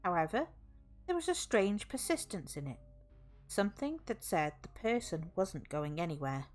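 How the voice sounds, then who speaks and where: A woman's voice: lowish voice, big pitch swings, normal speed, darkish tone, soft background music. A woman streamer reading a horror story aloud, greeting her chat in a bubbly way between passages.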